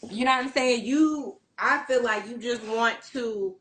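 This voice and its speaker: A woman's voice: a little high, unhurried, fairly bright tone, low-quality recording. A woman giving a casual livestream tarot reading, emphatic and profane, preaching encouragement in a spiritual way. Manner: profane, emphatic, keeps asking "you see what I'm saying". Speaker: tarot reader.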